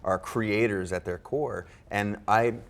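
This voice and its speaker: A man's voice: lowish voice, slow. A man hosting a live studio interview who chimes in playfully and reads out viewer questions. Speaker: show host.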